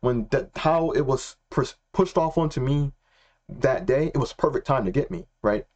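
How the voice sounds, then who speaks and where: A young man telling a personal faith story in a casual, excitable way, slangy and repeating himself. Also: medium pitch, moderate pace. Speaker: Christian vlogger.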